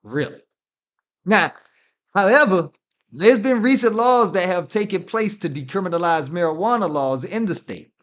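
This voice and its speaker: A man's voice: high-pitched, lively intonation, normal speed, fairly bright tone. A man hosting a radio show, ranting casually with lots of profanity and laughter. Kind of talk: casual talk radio rant.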